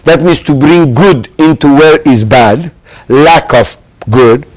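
A religious teacher gives a Torah lesson to a live class, speaking slowly in a fairly high-pitched voice over poor audio. He quizzes listeners with rhetorical questions and shifts between loud emphasis and hushed asides.

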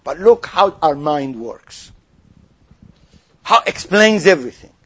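A man delivers a sermon. His voice sits high and swoops widely, and he acts out a doubter's challenges with rising indignation before dropping to soft, confiding asides. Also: a little slow, husky. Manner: animated, voices mock objections then drops to quiet asides. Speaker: rabbi.

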